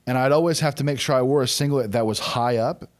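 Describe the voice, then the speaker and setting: A man's voice: mid-range voice, fast talker. A man in his forties speaks as a podcast guest in easy, conversational chat. His voice sits in a middle register, and he tells candid, self-deprecating stories full of restarts and asides. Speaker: podcast guest, former pro wrestler.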